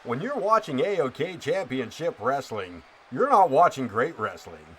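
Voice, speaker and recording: A man's voice: big pitch swings, breathy edge. Biff Bufferson, a man putting on a nasal hammy radio announcer. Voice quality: nasal, high in the chest. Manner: booming, drawn-out announcer delivery. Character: cheesy old-time radio wrestling announcer, male, adult, hammy. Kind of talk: mock play-by-play commentary.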